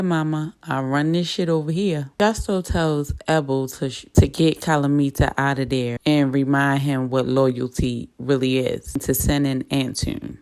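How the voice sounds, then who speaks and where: Low-voiced woman recapping a TV show. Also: darkish tone. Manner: chatty, voices the characters' lines while retelling. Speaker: TV episode recapper. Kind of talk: casual plot retelling.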